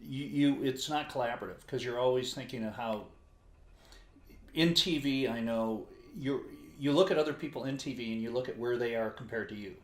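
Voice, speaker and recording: A man co-hosting a casual talk podcast, swapping jokes and anecdotes at an ordinary pitch. His voice rings a little in an echoey room. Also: fairly quick. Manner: storytelling, joking. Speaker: podcast co-host. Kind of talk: casual chat.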